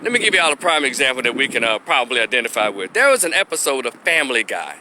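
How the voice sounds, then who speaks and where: A man's voice: medium pitch, sing-song, very fast, pushed and bright, slight background noise. A middle-aged man from Memphis giving a blunt, opinionated monologue for his vlog, now and then acting out the voices he quotes. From Memphis, Tennessee. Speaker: opinion commentator.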